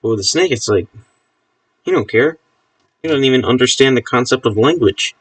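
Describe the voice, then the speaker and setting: A man's voice: mid-range voice, expressive, moderate pace, no room sound, recorded from a distance. A man chatting casually on a live stream, amused, talking to his pet snake as he handles it.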